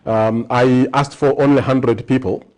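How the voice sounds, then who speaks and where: A man in his fifties from Zambia talks as a guest on a television interview. His voice sits at a middle pitch, and he speaks earnestly, stacking lists and tripping over the first words of his answers. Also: steady tone, measured pace, a little mellow. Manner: earnest, repetitive lists, stammering starts. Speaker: economist and TV guest.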